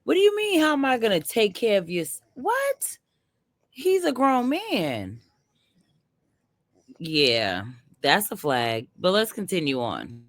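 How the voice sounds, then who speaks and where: A woman, giving slow, emphatic side commentary. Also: medium pitch, sing-song, no echo. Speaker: storyteller commenting.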